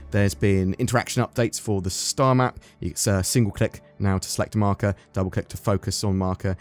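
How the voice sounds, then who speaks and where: A man's voice: deep voice, darkish tone. An English man hosting a casual gaming news roundup, chatty and loose, often hedging with filler words. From England. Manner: chatty, hedges with "sort of" and "um".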